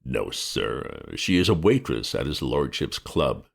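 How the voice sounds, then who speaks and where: A man voices an unflappable male valet in a storybook reading. The voice sits very deep and rough-edged, and it stays formal, measured and politely deferential throughout. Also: big pitch swings, exaggerated voice.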